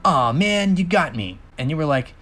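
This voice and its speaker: A man's voice: fairly high pitch, faint music behind, pitched above the performer's own voice. Man doing a jittery chatterbox dragonfly. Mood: excited. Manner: fast, excitable chatter. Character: jittery chatty little male dragonfly sidekick.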